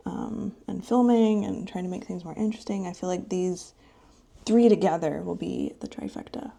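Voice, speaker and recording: A young woman chatting to a handheld camera in her bedroom late at night, tired and rambling. Her voice sits on the lower side for a woman, and she often trails off into soft, near-whispered asides. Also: vocal fry. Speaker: vlogger and streamer. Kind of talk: casual chat to camera. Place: bedroom at home. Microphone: handheld vlog camera.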